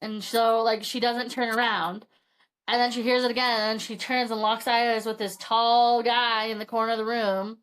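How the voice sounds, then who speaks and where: A woman's voice: a little high, moderate pace, clean tone. A woman co-hosting a podcast, chatting casually about a book and acting out the characters as she retells it. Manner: animated storytelling, acts out characters with swearing. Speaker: podcast co-host.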